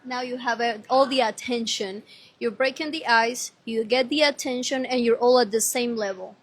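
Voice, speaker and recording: A woman's voice: on the high side, moderate pace. A woman hosting a live interview show, affirming her guest and addressing her viewers encouragingly. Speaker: show host.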